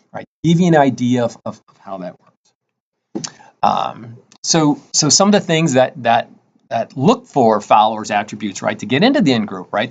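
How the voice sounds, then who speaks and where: A man talks quickly through a recorded lecture, keeping a loose conversational tone. He often checks in with "right?" and acts out short exchanges in other people's voices. The recording sounds dull and lo-fi. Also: mid-range voice. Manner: casual, says "right?" often, acts out quoted dialogue. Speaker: instructor.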